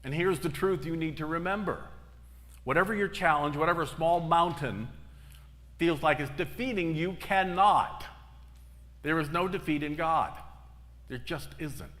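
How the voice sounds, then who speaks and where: A man's voice: a little high, moderate pace, fairly bright tone. Middle-aged male minister in a reverberant hall. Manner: storytelling with emphatic repetitions. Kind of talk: sermon. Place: church sanctuary.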